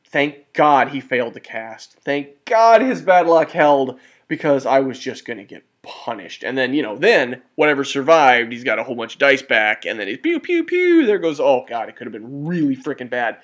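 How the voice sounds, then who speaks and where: A man casually narrating a tabletop wargame battle report over photos, rambling and excitable, often restarting and correcting himself. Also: medium pitch, moderate pace. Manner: mild cursing and exclamations.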